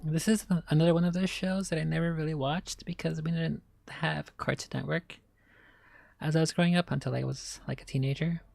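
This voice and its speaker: A woman's voice: sits low, vocal fry, darkish tone, dry recording. A woman streamer chatting casually, rambling and giggly, while reacting on a close desk mic.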